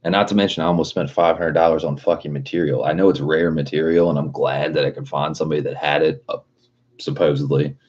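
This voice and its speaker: Very deep husky man ranting casually. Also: steady tone, fast, a little mellow, dull audio. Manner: profane, rambling, lots of "like". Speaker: livestreamer reading chat. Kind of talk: casual livestream rant.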